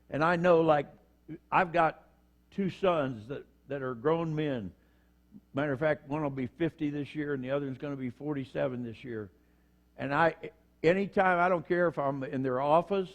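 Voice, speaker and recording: Older guy preaching, folksy storyteller, voice sits a bit high, does the voices in his stories. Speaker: pastor. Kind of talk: sermon.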